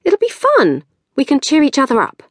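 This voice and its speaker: A woman's voice: sits high, wildly swooping pitch, moderate pace, dry recording, studio quality, pitched above the performer's own voice. A woman putting on a whiny, swooping young sister. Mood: cheerfully coaxing. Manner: whiny, sing-song and swooping. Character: petulant, dreamy young woman, self-centred sister.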